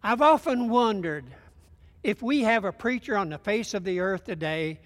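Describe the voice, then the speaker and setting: A man, in his later years, preaches in a folksy, lively way and acts out every quote. His voice sits high for a man, and a long reverb trails each line through the hall. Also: moderate pace. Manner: folksy, animated retelling with acted quotes. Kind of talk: sermon storytelling.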